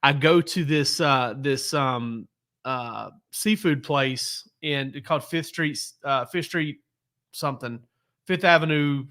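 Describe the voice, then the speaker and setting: A man's voice: mid-range voice, takes it slowly, fairly bright tone. A man, a sports reporter, telling laid-back stories on a casual podcast, rambling with many fillers and restarts.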